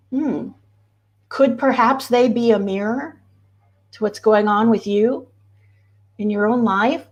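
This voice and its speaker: A woman with a somewhat high voice speaks as a spiritual coach in a casual livestream talk. She sounds earnest and often repeats key phrases for emphasis. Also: darkish tone.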